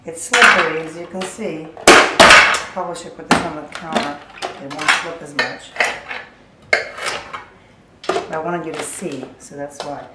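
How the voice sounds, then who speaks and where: A woman's voice: deep voice, fairly even intonation, measured pace, long pauses, far from the mic, very noisy. A woman chatting casually as she cooks in her home kitchen, talking through each step as she works. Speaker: home cook. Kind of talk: casual cooking demonstration. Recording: echoey kitchen, voice from off-mic. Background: clattering dishes, utensils and drawers.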